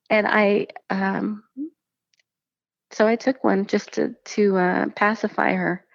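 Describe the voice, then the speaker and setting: Woman with a gravelly voice, animated storyteller, dry close sound, slightly dull recording. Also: medium pitch, slow pace, no echo. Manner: animated storytelling, acts out quoted speech. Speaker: guest telling her story. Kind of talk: casual conversation.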